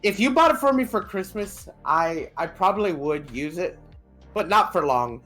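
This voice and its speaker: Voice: medium pitch, expressive, moderate pace, fairly bright tone, soft background music. A podcast co-host in casual chat, laid-back, chiming in with jokes and the odd swear.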